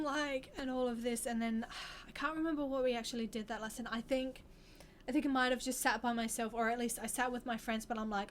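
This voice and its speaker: A woman's voice: fairly high pitch, fairly even intonation, a little fast, a little hiss or hum. Candid Australian woman telling a story. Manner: candid, rambling, with frequent restarts. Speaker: vlogger. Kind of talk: personal storytelling to camera.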